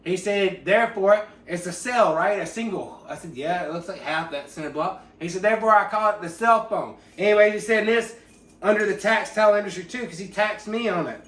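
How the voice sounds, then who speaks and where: A man's voice: sits high, fairly quick, a bit bright. Rambling profane man, echoey distant room. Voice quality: rambling, profane, mock-serious. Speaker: comedic storyteller. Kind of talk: deadpan mock biography monologue. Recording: echoey room, mic far off.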